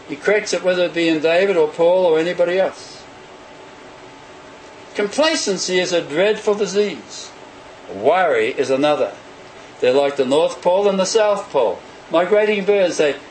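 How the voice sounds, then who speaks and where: A man preaching a sermon in an animated way, often acting out the voices of the people he quotes. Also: high-pitched, a little hiss or hum, poor audio.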